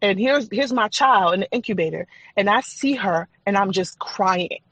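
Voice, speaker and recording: A woman's voice: mid-range voice, lively intonation, normal speed, fairly bright tone, dry recording, low-quality recording. A woman guest on a podcast, a faith and trauma coach, telling her personal story in an earnest, candid, chatty way. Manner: earnest, candid, chatty with frequent fillers and laughs.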